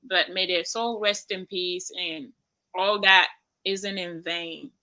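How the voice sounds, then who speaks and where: A young woman from Nigeria tells her own story as a guest. Her voice is bright and forceful. She speaks earnestly and prayerfully, and a soft laugh slips in now and then. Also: on the low side, steady tone, takes it slowly, rough recording. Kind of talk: emotional personal testimony.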